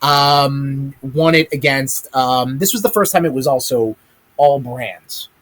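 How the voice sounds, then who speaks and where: A man's voice: medium pitch, slow, fairly bright tone. A man hosting a live-streamed wrestling chat, rambling with many ums and casual swearing. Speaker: podcast host. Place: streaming room with a big chat monitor.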